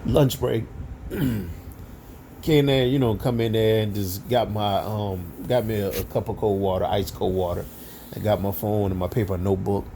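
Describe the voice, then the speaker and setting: Mellow-voiced man telling a rambling story. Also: lowish voice, moderate pace, vocal fry, slight background noise. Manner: rambling, leans on "you know" fillers; relaxed everyday slang. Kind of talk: casual spoken storytelling.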